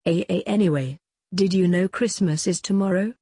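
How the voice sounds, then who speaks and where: A woman's voice: lowish voice, moderate pace, warm tone, breathy edge, no echo, clean studio sound. A woman voicing a shy teenage schoolgirl who stammers when flustered. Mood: eager.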